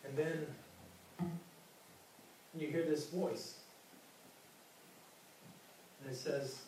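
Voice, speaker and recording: A man's voice: on the high side, takes it slowly, long pauses, a little mellow, slight background noise. A man preaching a sermon as pastor, earnest and often repeating his words. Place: large church hall. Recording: very echoey hall, mic from far.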